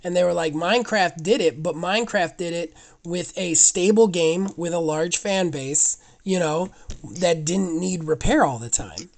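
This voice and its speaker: Male podcast co-host, excitable, rambles, casual delivery. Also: sits high, normal speed, gravelly.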